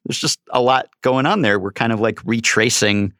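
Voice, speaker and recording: A man co-hosts a podcast in relaxed, analytical conversation. He laughs easily and his voice sits mid-range, recorded close and dry. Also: medium pitch, moderate pace, smooth, no room sound. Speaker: podcast co-host. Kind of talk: casual chat.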